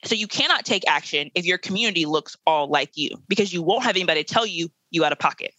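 A young woman in her late twenties, speaking as a guest in a podcast interview. She talks in a blunt, emphatic way and laughs now and then. Her voice is bright and forceful, with a dry, close sound. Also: on the low side, lively intonation, fast talker, no room sound, rough recording. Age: 20s. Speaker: guest, educator.

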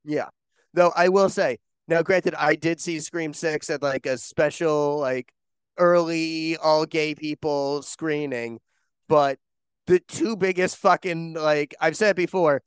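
A man co-hosting a podcast in casual chat, excitable and swearing freely, with lots of fillers. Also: fairly high pitch, takes it slowly, smooth, dry recording. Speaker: podcast co-host.

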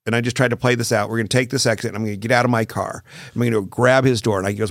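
A man's voice: medium pitch, racing, dry recording. A man in his forties hosting a podcast, chatting casually and acting out dialogue as he tells stories. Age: 40s. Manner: animated storyteller acting out dialogue. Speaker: podcast host. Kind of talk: casual conversation.

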